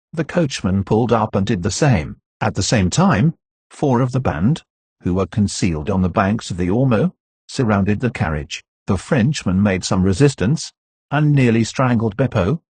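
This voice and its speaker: Brief: male audiobook narrator, very husky timbre, dry close sound. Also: mid-range voice, darkish tone, dry recording. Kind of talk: scripted narration.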